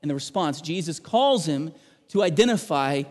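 A man's voice: on the high side, normal speed. Earnest preacher man in a reverberant hall. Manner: earnest, animated preaching that rises for quoted cries. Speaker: pastor. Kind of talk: sermon.

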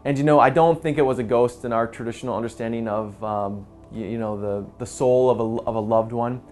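A man in his forties, a pastor, telling an earnest personal story in a quiet, soft-spoken way. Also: medium pitch, steady tone, brisk. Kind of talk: personal testimony in a church video. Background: soft guitar music.

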